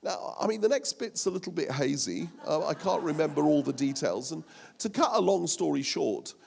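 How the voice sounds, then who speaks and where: A preacher playing a boastful rambling apostle. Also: male voice, a little high, expressive, moderate pace, vocal fry, a little mellow, in a large hall. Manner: rambling, self-important, many restarts. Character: boastful apostle man telling his sea tale.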